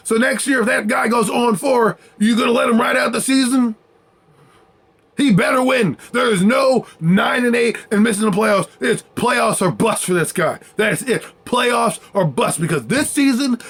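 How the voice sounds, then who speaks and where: Heated and sarcastic, this sports commentator rants, deriding his targets and hammering points by saying them again. His voice is high and creaky with a breathy edge.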